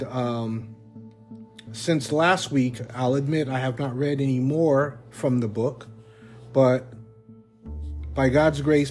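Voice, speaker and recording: A man hosting a Christian podcast, speaking in a measured, earnest way with occasional fillers and asides. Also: medium pitch, mellow. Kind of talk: scripted-sounding podcast talk.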